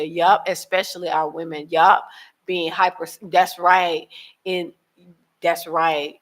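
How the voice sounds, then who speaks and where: American woman, casual vlog chat to camera, slangy and talkative. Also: deep voice. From United States. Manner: chatty, slangy storytelling, addresses viewers as y'all. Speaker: vlogger.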